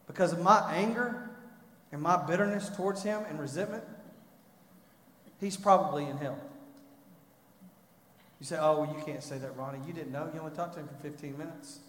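A man's voice: on the high side, moderate pace, long pauses. Guy preaching in church, tells a story then pleads hard, roomy echoey sound. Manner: storytelling, building to loud impassioned pleading. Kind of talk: sermon. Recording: echoey hall.

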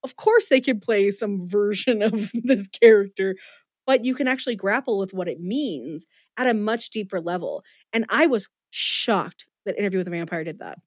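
A woman's voice: mid-range voice, animated, no echo. Chatty woman host, dry close sound. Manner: chatty, quick asides, self-deprecating. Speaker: podcast host. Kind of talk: casual podcast chat.

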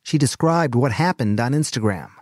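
A man hosting a news podcast, reading a scripted narration in a calm, measured, earnest way. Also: mid-range voice, dry recording, clean studio sound. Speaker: medical correspondent and podcast host.

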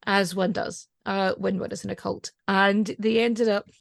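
Chatty Scottish woman with a gravelly edge. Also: medium pitch, level tone, measured pace, dry recording, studio quality. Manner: chatty, digressive, laughs often. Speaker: podcast host. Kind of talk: casual chat.

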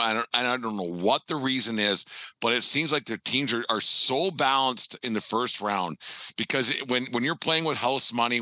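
A man hosting a casual sports podcast and reading ads, with a deep radio voice and a loose, profane way of talking. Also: pushed and bright, dry recording, low-quality recording. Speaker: podcast host.

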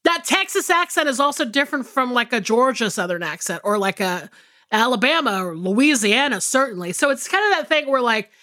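Bright, high-voiced chatty woman. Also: fairly quick. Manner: rambling, animated, swears freely, many fillers. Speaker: podcast co-host. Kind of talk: casual chat.

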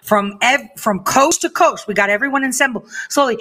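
A woman with a bright, forceful voice pitched a little high delivers a blunt, profane monologue. She talks with real heat and tells her stories in an animated way. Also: normal speed, hardly any pauses. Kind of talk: impassioned monologue.

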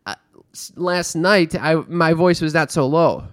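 A man co-hosting a casual podcast, moving between his natural higher voice and a slower put-on deep voice. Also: fairly bright tone, no echo, studio quality. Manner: switches between a high natural voice and a put-on low slow voice. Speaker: podcast co-host.

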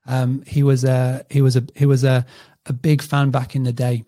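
Mellow-voiced Northern English man chatting. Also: medium pitch, completely flat delivery, normal speed. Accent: Northern English, mixed. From England. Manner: chatty, restarts often, laughs a lot. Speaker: podcast guest. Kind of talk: casual interview chat.

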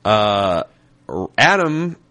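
A podcast host from Indianapolis, USA, chats casually in a blunt, wry manner, swearing a lot. His lowish voice is very animated, pushed and bright, with drawn-out words.

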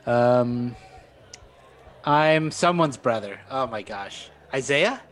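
A man co-hosting a casual podcast chat, eagerly answering trivia and recapping scenes with quick affirmations. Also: medium pitch, expressive. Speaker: podcast co-host.

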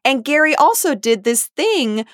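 A woman co-hosting a podcast recap, chatting casually and reacting with expressive emphasis. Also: high-pitched, dry recording, studio quality. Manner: expressive, quick to react, puts on voices for quotes. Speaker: podcast co-host.

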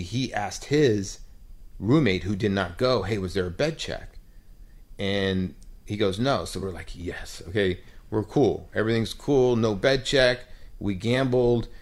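A middle-aged man tells a story in casual conversation. His voice sits a bit low, but he keeps it moving as he slips into the voices of the people in his tale. The delivery is loose and chatty, like a locker-room anecdote on a podcast. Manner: animated anecdote teller who acts out quoted voices. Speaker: podcast co-host, former baseball player.

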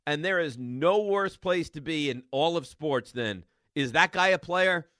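A man's voice: on the high side, expressive, measured pace, pushed and bright, dry recording, studio quality. A man hosting a sports radio show, ranting in a rambling, exasperated monologue full of restarts.

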